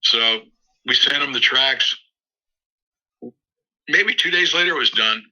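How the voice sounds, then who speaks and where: A man with a very bright, forward voice tells stories in a rambling way, restarting his phrases often. He speaks as a musician guest in a casual interview. The sound is slightly dull and lo-fi. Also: mid-range voice, lively intonation, a little slow. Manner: rambling anecdotal, frequent restarts and acted quotes. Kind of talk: interview storytelling.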